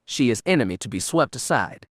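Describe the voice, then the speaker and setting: A man voicing a determined young woman Sith inquisitor who speaks in sharp, cutting retorts. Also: mid-range voice, big pitch swings, fairly quick, no room sound, studio quality. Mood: scornful.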